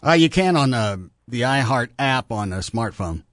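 A man's voice: medium pitch, expressive, normal speed, a bit bright, dry recording, clean studio sound. A man hosting a morning radio show, joking and teasing a caller. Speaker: radio host.

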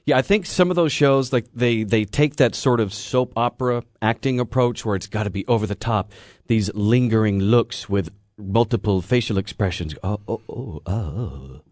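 A man's voice: mid-range voice, normal speed, a little mellow, dry recording, studio quality. A man from Georgia co-hosting a radio talk show, agreeable and explaining his points. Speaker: radio co-host. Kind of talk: casual radio chat.

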